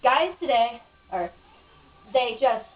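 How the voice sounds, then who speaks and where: A woman's voice: a little high, lively intonation, takes it slowly. A woman being interviewed in a casual home video, talking in a frustrated, cynical rant. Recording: dull lo-fi, mic at a distance.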